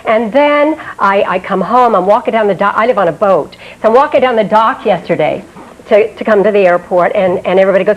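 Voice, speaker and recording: A woman from Indiana, a talk show guest chatting casually and telling an animated story, acting out what people said. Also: fairly high pitch, fast talker. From Indiana, USA. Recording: dull TV broadcast with hiss.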